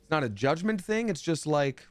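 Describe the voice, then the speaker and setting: A man's voice: a little high, sing-song, moderate pace, no echo. A man giving live gameplay commentary as a streamer, chatty and jokey, thanking viewers from chat as he plays.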